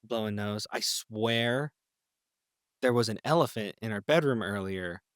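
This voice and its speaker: Playful man with squeaky outbursts. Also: unhurried, smooth, dry recording, studio quality. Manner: playful, jumps into high squeaky exclamations. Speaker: podcast co-host. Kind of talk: casual chat.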